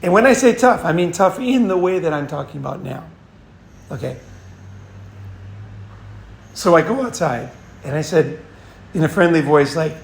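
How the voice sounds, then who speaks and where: A man's voice: a little high, expressive, normal speed, creaky, pauses often, echoey room. A man hosting a casual advice monologue, blunt and profane, often restarting and repeating himself. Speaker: host.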